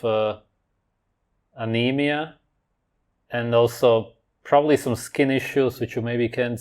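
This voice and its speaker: A man's voice: medium pitch, a little mellow. Sarcastic man mocking a video. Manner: sarcastic, scornful. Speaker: reaction video host.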